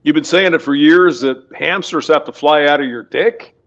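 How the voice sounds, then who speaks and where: A man hosts a loose group voice call, trading crude jokes and laughing along with the others. His voice is gravelly with a lot of fry, and it sits a touch higher than most men's. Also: moderate pace, dull audio. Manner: joking, laughs often, crude humor. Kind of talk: casual banter on a group call.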